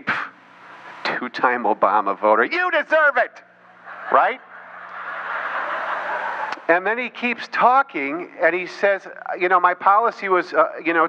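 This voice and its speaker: A man with a bright, pushing voice speaks to an audience, full of sarcasm and dramatic pauses as he tells a story. The recording is dull and lo-fi, with a faint hiss underneath. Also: fairly high pitch. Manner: animated storytelling with mocking asides. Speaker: political speaker. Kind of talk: speech to a live audience.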